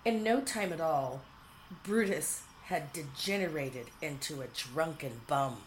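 A woman narrating a whimsical storybook in a measured, dryly humorous way. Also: sits low, a little hiss or hum, poor audio.

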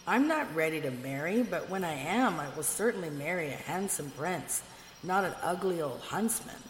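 A woman's voice: on the low side, lively intonation, normal speed, close to an everyday voice. A woman reading a storybook, voicing a proud young princess who speaks in a haughty, indignant way. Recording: echoey room with long reverb, faint noise.

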